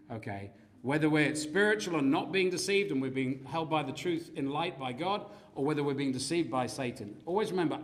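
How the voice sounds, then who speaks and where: A man preaching a sermon in a church, telling stories with acted-out quotes. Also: fairly high pitch. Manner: animated storytelling with acted quotes.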